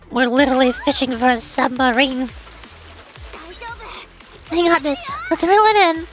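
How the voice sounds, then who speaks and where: A woman's voice: high-pitched, expressive, measured pace, pauses often, faint music behind. A young woman streaming a game, chatting playfully and reading dialogue aloud, often musing in confused asides. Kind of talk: casual gameplay commentary and reading aloud.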